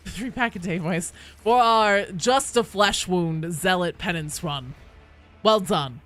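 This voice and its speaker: A woman's voice: lowish voice, slow pace, soft background music. A young adult woman streaming a game, chatting casually with her viewers and swearing freely as she plays. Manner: animated, swears freely, talks to chat while playing. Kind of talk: casual live-stream chat while gaming.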